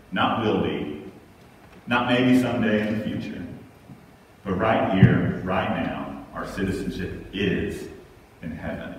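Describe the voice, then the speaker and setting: Thirties male pastor, low voice, casual conversational sermon, roomy reverberant church pickup. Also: slight background noise. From Texas. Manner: conversational, keeps asking "right?". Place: large church sanctuary. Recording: echoey hall, mic far off.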